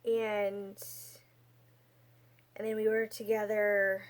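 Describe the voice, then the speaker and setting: Slow-talking chatty young woman. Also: medium pitch, flat delivery. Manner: chatty, rambling with many fillers and restarts. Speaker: vlogger. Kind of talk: casual storytelling.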